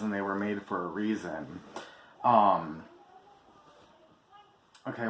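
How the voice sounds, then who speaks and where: Lowish-voiced guy vlogging a personal story, blunt and emphatic, echoey room with a little background hum. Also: fairly bright tone. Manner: candid, emphatic, swears freely. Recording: echoey room with faint ambience.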